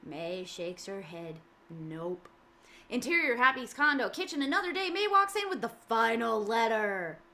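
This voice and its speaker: A woman narrating the action description in a fan table read of a film script, reading briskly and matter-of-factly. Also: fairly high pitch, sing-song, sharp tone.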